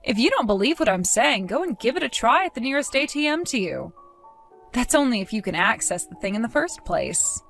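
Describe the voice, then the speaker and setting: A woman in a dramatized story, speaking as a wronged fiancée, calm, cold and accusing, over faint music. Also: a little high, a little fast, creaky. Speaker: wronged fiancée telling her side.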